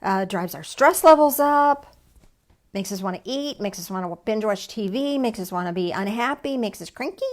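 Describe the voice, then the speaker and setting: A woman's voice: medium pitch, expressive, normal speed. A woman leading an online church service, preaching conversationally, asking herself questions and answering them aloud, with a folksy, self-deprecating touch.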